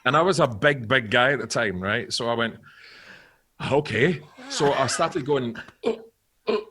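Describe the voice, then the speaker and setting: A middle-aged Scottish man, an actor guest on a podcast, telling animated anecdotes with swearing and acted-out quotes. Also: medium pitch, moderate pace. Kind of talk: podcast storytelling.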